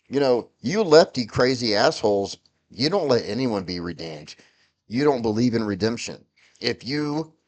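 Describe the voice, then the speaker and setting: A middle-aged man vlogging a heated, profane political rant, rambling and restarting his sentences often. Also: mid-range voice. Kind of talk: ranting political commentary.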